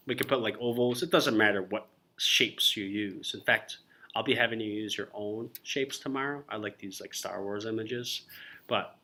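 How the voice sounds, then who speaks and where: Bright-voiced male teacher lecturing a class. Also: on the low side. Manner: joking, informal, talks to students by name. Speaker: college reading teacher.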